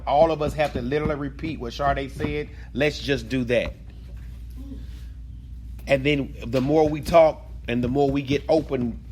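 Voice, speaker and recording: A man teaching an evening Bible study group, animated and repetitive, calling on people by name and prompting answers. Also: medium pitch, slight background noise. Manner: animated, repeats phrases, calls on students.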